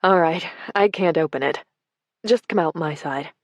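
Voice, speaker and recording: A woman reading the part of a teasing, car-proud young man in an audiobook, in a relaxed, easygoing manner. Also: deep voice, normal speed, lightly acted. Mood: amused. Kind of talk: audiobook character dialogue.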